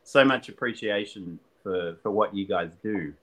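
A man's voice: lowish voice, a little slow, a bit bright. A man speaking as a podcast guest, enthusiastic and searching for words with frequent repeats. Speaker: podcast guest, gin maker. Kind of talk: casual conversation.

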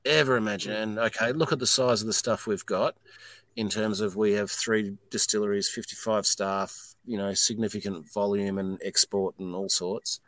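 Speaking with a fairly low pitch at a moderate pace in a dry recording, a middle-aged Australian man who runs a distillery guests on a casual podcast. He's blunt, swears, and tells stories with animation.

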